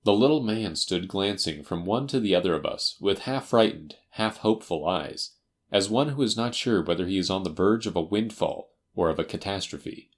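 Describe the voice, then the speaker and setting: A man narrating a classic detective story for an audiobook in a measured, expressive manner. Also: deep voice. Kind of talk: scripted narration.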